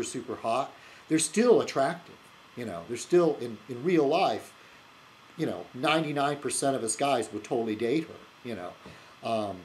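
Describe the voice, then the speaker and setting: A man hosts his own video blog, rambling loosely through a casual monologue with lots of fillers and restarts, animated and laughing at his own jokes. His voice is medium-pitched, and the audio is poor, with a little hiss or hum.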